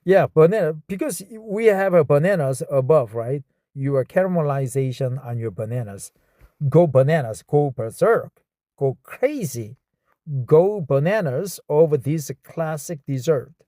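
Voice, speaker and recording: A man from South Korea, whose first language is Korean, practicing an English script aloud with a Korean accent, slowly repeating words and phrases and correcting himself mid-word. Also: on the high side, expressive, mellow, dry recording, studio quality. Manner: slow, repeats words and phrases over and over to drill them. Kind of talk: reading practice with self-commentary.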